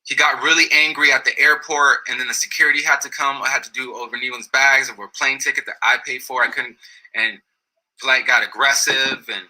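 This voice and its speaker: Guest, male, husky and intense, casual slang-heavy storyteller, lots of restarts. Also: medium pitch, fairly even intonation, fairly quick, bright, forceful tone, rough recording.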